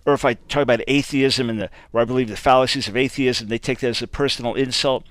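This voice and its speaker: A man's voice: mid-range voice, steady tone, fast talker, fairly bright tone. A man hosting a radio talk show, speaking emphatically like a preacher, repeating key phrases and often restarting his words. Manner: frequent stammered restarts. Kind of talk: talk radio commentary and answering listener email.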